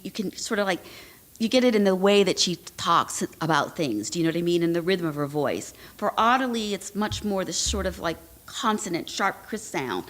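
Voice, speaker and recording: A woman author at a live literary reading, chatting with the audience in quick asides. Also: lowish voice. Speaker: author reading her work.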